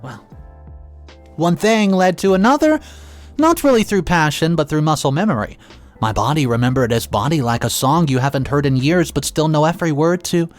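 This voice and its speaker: A man narrating a first-person story in an expressive, dramatic reading with occasional restarts. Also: fairly high pitch, normal speed, faint music behind.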